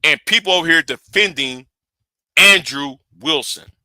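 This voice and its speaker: Intense, bright-voiced man ranting on stream. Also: fairly high pitch, measured pace, dry recording. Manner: emphatic, profane, repeats words when worked up. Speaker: livestream host. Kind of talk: heated livestream commentary.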